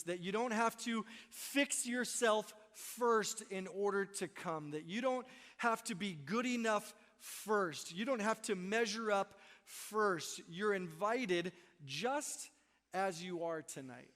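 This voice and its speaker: Man preaching, high voice, chatty and self-mocking, church with long echo. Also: fairly bright tone. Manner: conversational, self-deprecating, keeps asking "right?". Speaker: pastor. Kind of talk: Christmas Eve sermon. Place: church sanctuary. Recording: long hall reverb.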